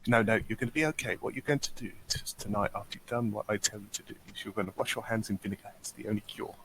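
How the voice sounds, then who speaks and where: A man playing a tabletop game, talking through his character's schemes out loud. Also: lowish voice, rapid-fire, slight background noise, low-quality recording. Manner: scheming, improvises plans out loud. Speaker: player. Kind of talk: casual tabletop game chat.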